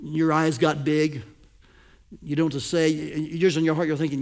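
A man preaching a sermon to his congregation as pastor, swinging between loud emphasis and hushed, intimate asides. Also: a little high, little pitch movement, moderate pace.

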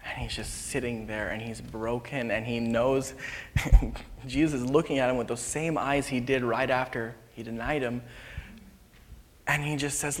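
A male preacher tells a story in a relaxed, chatty way at a middle pitch, now and then sinking to a hush. His voice rings through a large hall with a long trailing reverb. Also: moderate pace. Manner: casual and conversational, drops to hushed tones. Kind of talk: storytelling sermon.

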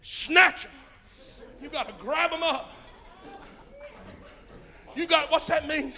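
A middle-aged preacher with a strikingly high voice. He delivers his sermon in waves, sinking to a hush and then climbing into long, shouted, stretched-out lines. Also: fairly even intonation. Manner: swings from hushed to shouting, drawn-out emphatic phrases.

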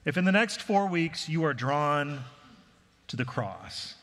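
A man's voice: high-pitched, pushed and bright. A male pastor giving a sermon to his congregation, earnest and conversational. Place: church auditorium. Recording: reverberant church hall.

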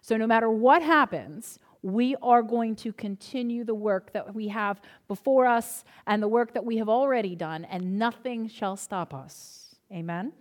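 A woman pastor preaching a sermon, telling a story in a conversational way before turning to earnest reassurance. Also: on the high side.

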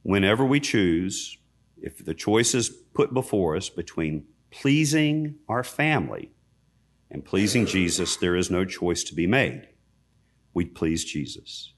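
A man preaching a sermon as a priest, emphatic, rising loud on key points and dropping low and quiet, with self-deprecating asides. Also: very animated, measured pace.

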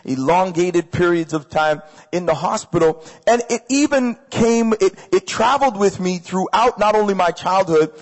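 A Canadian pastor with a fairly high voice gives an energetic, conversational sermon at a moderate pace, barely pausing. He hammers points home by repeating short phrases and addressing listeners directly, and the large hall adds a long, echoing reverb.

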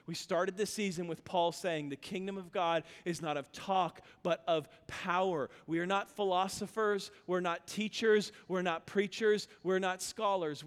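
A man with a high voice preaches a sermon, moving from stumbling storytelling into rising, insistent calls that repeat each phrase. The sound rings with the long reverb of a church hall. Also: smooth. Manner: builds from storytelling to loud, urgent exhortation with repeated phrases; frequent stammered restarts. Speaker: pastor.

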